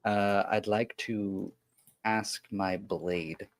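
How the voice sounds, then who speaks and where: A man's voice: fairly low pitch, steady tone, extremely slow. A man playing a tabletop game, chatting in a hesitant way and laughing often. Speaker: player. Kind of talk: casual tabletop play.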